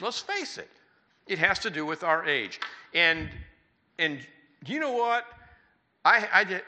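A man's voice: on the high side, pushed and bright. An older man in his sixties preaching a sermon in church, folksy and conversational, with rhetorical questions to the congregation. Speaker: pastor.

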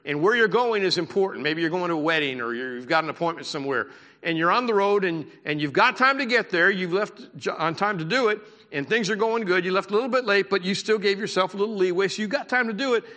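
A man preaching a sermon from a church pulpit, talking to his congregation in a loose, conversational way with the odd laugh. His voice is fairly high and bright, with a pressing edge. The sound carries a long, reverberant hall tail. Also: expressive, fast. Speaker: pastor.

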